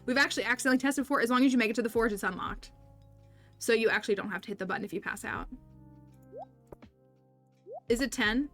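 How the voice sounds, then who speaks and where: A woman's voice: fairly high pitch, fairly even intonation, quick pace, pauses often, a bit bright, faint music behind. A woman streaming a video game, chatting casually with viewers, interrupting herself and explaining the game's mechanics. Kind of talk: casual gameplay livestream chat.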